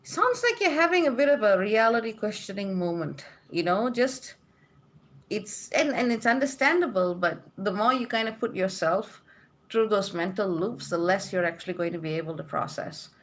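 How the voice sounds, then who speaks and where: A woman's voice: mid-range voice, lively intonation, normal speed. Chatty woman reading live comments. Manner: warm, chatty, laughs often, reads comments aloud. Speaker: livestream host reading viewer comments. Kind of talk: casual livestream chat. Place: home.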